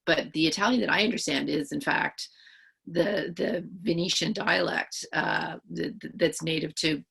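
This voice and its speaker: A woman's voice: low voice, steady tone, moderate pace, gravelly, fairly bright tone, husky. A woman author answering interview questions, thinking aloud at length and often restarting her sentences. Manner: thoughtful, explaining at length with many restarts.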